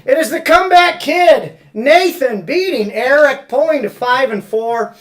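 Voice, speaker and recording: Woman, high voice, podcast host, casual chat, playful, teasing, reading league rankings. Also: animated, measured pace.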